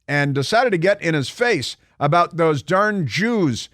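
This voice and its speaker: A man's voice: on the high side, lively intonation, unhurried, a bit bright, no echo. A man hosting a talk radio show, delivering a combative, sarcastic monologue full of mocking rhetorical questions from a radio studio. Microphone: studio microphone.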